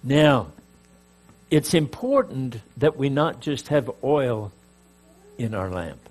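Slow, emphatic Canadian-born preacher. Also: male voice, mid-range voice, very animated. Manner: emphatic, rises and drops in volume, jokes with audience. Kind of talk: teaching sermon.

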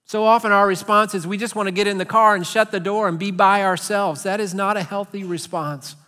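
A man's voice: high voice, fairly even intonation, fairly quick, bright, forceful tone. A middle-aged man with a Texan accent preaching a sermon as pastor, earnest and conversational, sometimes acting out voices for humor. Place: large church sanctuary. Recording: long hall reverb.

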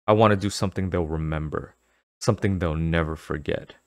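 Man voicing a sharp, teasing young girl. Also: low-pitched, fairly quick, no room sound, studio quality. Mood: thoughtful. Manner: sharp and mocking. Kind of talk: audiobook character voice.

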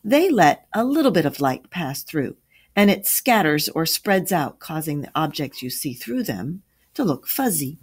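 A man's voice: fairly high pitch, big pitch swings, unhurried, breathy edge, exaggerated voice. A woman reading the part of a patient, teasing grandfather who eagerly explains science to his grandchildren. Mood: explaining. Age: older.

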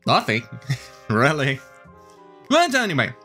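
A man's voice: fairly high pitch, huge pitch swings, takes it slowly, bright, forceful tone, husky, faint music behind. A man hosting a mocking news-commentary rant, swearing and laughing as he goes. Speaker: commentary host.

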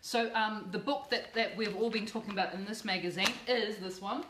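A woman's voice: medium pitch, fairly quick, roomy sound, noisy background. A middle-aged woman hosting a live cooking channel video, effusive and emotional, repeating words for emphasis.

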